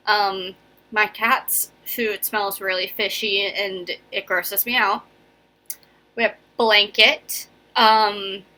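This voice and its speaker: A young female elementary teacher's medium-pitched voice sounds pushed and bright as she leads a casual phonics lesson on video. She's chatty and encouraging, regularly tossing in "right?" and "okay?".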